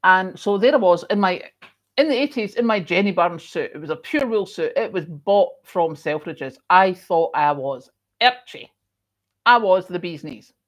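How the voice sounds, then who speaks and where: A middle-aged woman with a Scottish accent, hosting a casual chat and telling stories in an expressive way, with emphatic repeats. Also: lowish voice, moderate pace. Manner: chatty and expressive, with emphatic repetition. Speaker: host.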